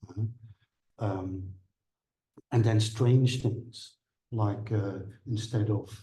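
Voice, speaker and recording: A man lecturing at an academic seminar, pausing often with fillers and restarting his sentences. His voice sits a little low and sounds mellow and dark, and he speaks very slowly. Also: steady tone. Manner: measured, halting, with many fillers and restarts.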